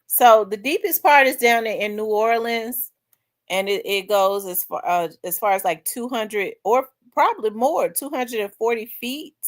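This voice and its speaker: A middle-aged woman hosting a livestream, chatting casually with her viewers and telling animated, laughing stories. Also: a little high, moderate pace. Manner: animated, laughing, storytelling to the audience. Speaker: livestream host.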